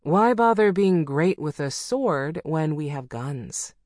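A woman narrator voicing an icy-eyed older woman who hunts monsters, speaking calm, courteous and dry in an audiobook. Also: sits low, slow pace, no room sound. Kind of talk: audiobook character voice.

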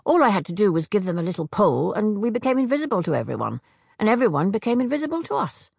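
A woman voicing an odd, talkative female hag from a storybook, rattling off brisk asides, with a gravelly, husky voice. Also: mid-range voice, very animated, a little mellow, no echo, clean studio sound, full character voice. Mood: breezy.

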